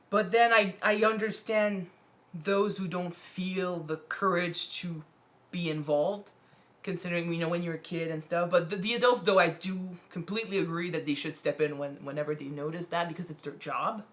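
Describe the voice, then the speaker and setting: A woman co-hosting a reaction video whose first language is not English. She chats in an earnest, rambling way with many fillers, and her voice is wearing out. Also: lowish voice. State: losing her voice. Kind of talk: casual chat.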